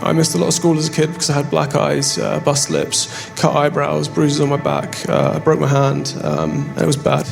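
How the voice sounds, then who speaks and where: A man's voice: a little high, fairly even intonation, normal speed, creaky, hardly any pauses, over music. A young English man doing stand-up, telling a story on stage in a wry, self-deprecating way. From England. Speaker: stand-up comedian. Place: on stage before a live audience.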